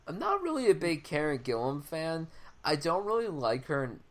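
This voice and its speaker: A man's voice: a little high, very animated, normal speed, over a noisy crowd. A young man co-hosting a film podcast, giving blunt, casual reviews, swearing often and restarting his sentences. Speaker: podcast co-host. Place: home, audio only.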